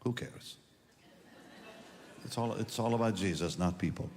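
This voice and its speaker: An older man preaching a personal testimony, telling the story with strong emotion and moving between hushed and loud moments. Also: on the low side, lively intonation, a little slow. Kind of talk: testimony sermon. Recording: long hall reverb.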